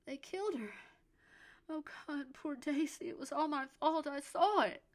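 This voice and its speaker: A woman's voice: sits high, lively intonation, measured pace, voice pushed up. A woman reading the part of a distraught teenage boy who sounds forlorn and hollow, close to crying. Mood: anguished.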